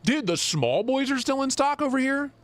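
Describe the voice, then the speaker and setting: A young man co-hosting a live stream, chatting casually and swearing as he jokes and gets excited. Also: extremely high pitch, moderate pace. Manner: excited, profane, joking. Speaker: knife show co-host.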